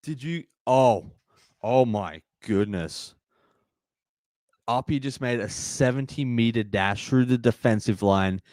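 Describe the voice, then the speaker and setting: A man hosting a live match-reaction stream, excitable and emotional, shouting at big plays. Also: mid-range voice, takes it slowly, no room sound, clean studio sound.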